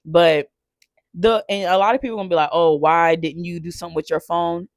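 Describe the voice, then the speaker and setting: Man, fairly high voice, emotional, halting, frequent restarts, dry close sound. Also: steady tone, dry recording. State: shaken while recounting. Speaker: storyteller. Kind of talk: unscripted personal storytime.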